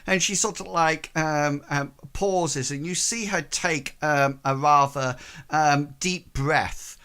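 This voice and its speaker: A man's voice: fairly high pitch, slow pace, pushed and bright, clean tone. A man narrating as game master in a tabletop game, hesitant and full of fillers. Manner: hesitant, full of ums and likes.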